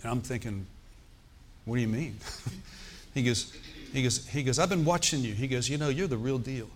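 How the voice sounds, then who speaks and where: A man's voice: medium pitch, normal speed, slight background noise. A man, a pastor, preaching a sermon in a church, telling a personal story and rising into emphatic exhortation.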